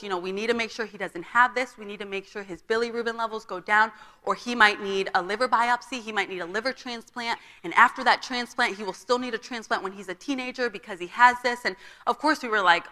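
A woman's voice: medium pitch, fast talker, sharp tone. A young woman giving a personal testimony at a church conference, telling her story and acting out the dialogue. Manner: storytelling, acts out quoted dialogue. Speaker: conference speaker. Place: church auditorium. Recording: long reverb of a large hall.

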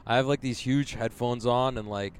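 A man's voice: medium pitch, steady tone, normal speed. A swearing young guy doing a podcast while stuck in traffic, rambly and jokey, road noise from the car in the background. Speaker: podcast host. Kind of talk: casual solo podcast while driving. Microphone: large podcast microphone with headphones.

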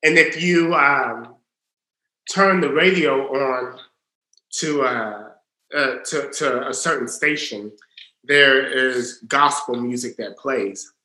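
A man preaching in an earnest sermon style, dropping to a hush for emphasis. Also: medium pitch, slow. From Southern US. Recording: roomy echo.

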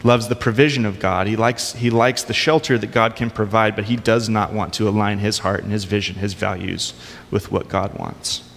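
A man's voice: on the low side, steady tone, normal speed, creaky, a bit bright, long reverb tail. A man preaching a sermon in a conversational way, with casual asides. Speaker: pastor.

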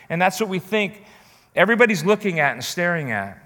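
A man's voice: high voice, very animated, brisk, sharp tone, long reverb tail. A man preaching a sermon as pastor, talking earnestly and straight to his listeners. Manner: earnest, direct address to listeners.

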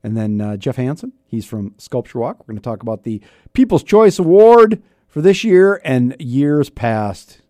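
A man's voice: mid-range voice, normal speed, no echo. A man hosting a radio talk show, chatting and joking with a guest in the studio and reading station promos. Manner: animated, chatty and joking, with an upbeat announcer delivery on promos. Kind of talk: casual radio banter. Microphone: studio microphone.

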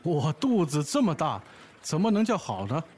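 A man playing a flattered office boss in a recorded language-lesson dialogue, answering praise with modest, good-humored replies. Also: on the high side, normal speed, husky, heavily acted. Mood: pleased.

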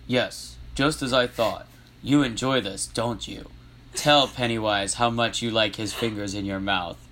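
A man voicing a sadistic male demon clown while reading fan fiction aloud on a comedy podcast, speaking slowly and menacingly in a voice lower than his own. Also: steady tone, sharp tone, a little hiss or hum.

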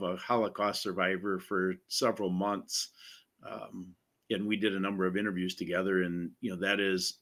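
A man hosting an interview, speaking in an earnest, deliberate way. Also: on the low side, a bit bright. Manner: earnest, deliberate, faith-based talk. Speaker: podcast host. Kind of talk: conversational interview.

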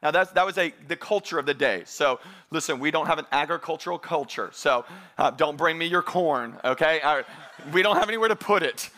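A man's voice: on the high side, brisk, pushed and bright. A man preaching a sermon as pastor, talking conversationally to his congregation and reading scripture aloud with emphasis.

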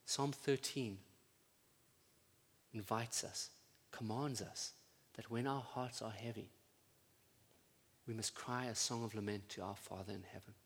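A pastor preaching a sermon to his congregation, building to loud fervent peaks and then dropping to quiet, tender prayer. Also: on the low side, fairly even intonation, a little slow, long pauses, breathy edge. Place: church. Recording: church sound with long reverb.

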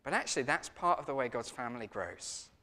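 Lively preacher in an echoey hall. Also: male voice, medium pitch, brisk. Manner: storytelling, lively and conversational. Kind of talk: sermon.

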